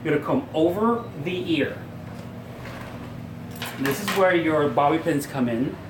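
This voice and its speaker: At a measured pace, a high-voiced male hairstylist talks his audience through a hair tutorial one step at a time, chatty and persuasive with self-mocking remarks. The background is noisy, and the echoey room carries faint ambience.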